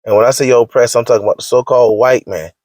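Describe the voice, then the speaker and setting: A man's voice: mid-range voice, fairly even intonation, rapid-fire, a little mellow, no echo. A man delivering a preachy, scolding rant in slangy speech, hammering his points home by repeating them. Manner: emphatic and repetitive, scolding, slangy. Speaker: online commentator.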